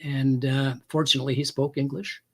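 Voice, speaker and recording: A man's voice: mid-range voice, level tone, fairly quick. A former police hostage negotiator from Canada, a male guest on a talk show, telling an anecdote with emphatic rises and hesitant fillers. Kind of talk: storytelling anecdote.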